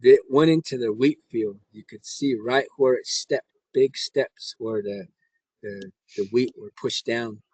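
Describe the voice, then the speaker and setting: A man's voice: mid-range voice, a little slow, darkish tone, husky, no echo, low-quality recording. A middle-aged man from the Navajo Nation, a scoutmaster telling his story in a rambling way, with restarts and acted-out quotes. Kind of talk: casual storytelling.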